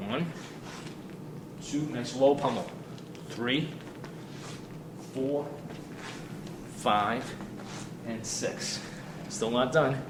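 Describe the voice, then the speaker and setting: A man demonstrating warm-up drills as a fitness coach, talking with energy and counting reps as he exercises, sometimes out of breath. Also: mid-range voice. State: out of breath at times. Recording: roomy, distant mic with ambient noise.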